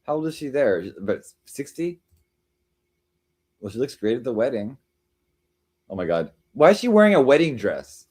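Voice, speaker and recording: A male streamer talks loosely to his chat from a desk mic, rambling and teasing as he hops between jokes and comments. His pitch swings widely up and down, though his voice sits in an ordinary middle range. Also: sing-song, normal speed, long pauses, a little mellow, breathy edge. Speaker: live stream host. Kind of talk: casual live-stream chat reading comments.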